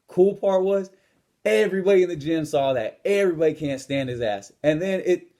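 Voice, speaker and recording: A young man hosting his own coaching show, telling a story in a blunt, profane way and acting out confrontations with sudden loud outbursts. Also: mid-range voice. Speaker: podcast host, lifestyle and health coach. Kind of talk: casual storytelling monologue.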